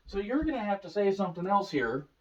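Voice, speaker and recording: A man's voice: high voice, very animated, fast, lo-fi sound. A man hosting a casual wrestling recap, ranting and swearing, now and then talking to his pet. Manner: ranting, profane, talks to his pet off-camera.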